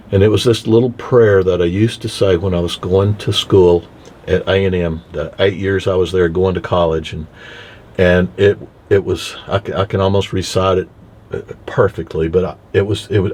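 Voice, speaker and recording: Deep-voiced man telling a story. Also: a little mellow. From Texas. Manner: halting, with many restarts and repeated words. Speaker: veterinarian. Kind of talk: heartfelt personal storytelling. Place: inside a car, window open.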